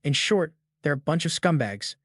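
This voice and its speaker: A cold teenage boy assassin who speaks casually and flatly, as a man voices him. Nothing seems to bother him. The voice sits a little high, and the sound is dry and close. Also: moderate pace, no room sound. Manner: casual, flat, unbothered.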